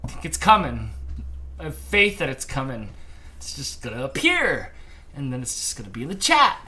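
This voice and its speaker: This man co-hosts a casual live baking stream. His voice has a bright, forceful edge at a medium pitch. He slips in dry, teasing jokes as they chat. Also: huge pitch swings, normal speed.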